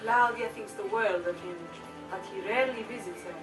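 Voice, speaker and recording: An actress playing a poised, teasing young noblewoman in video game dialogue, with a measured delivery. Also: mid-range voice, over music, lightly acted, rough recording.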